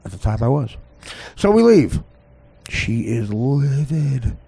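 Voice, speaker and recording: A man's voice: mid-range voice, lively intonation, a little slow, creaky, long pauses, darkish tone, no echo. A podcast host telling a comic story in a rambling way, often laughing at his own tale.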